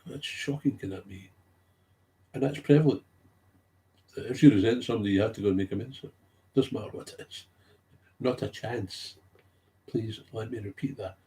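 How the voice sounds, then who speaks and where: A man's voice: on the low side, normal speed, long pauses, warm tone. A man speaking in an unscripted monologue, telling stories from recovery work, getting agitated and repeating his key phrases for emphasis.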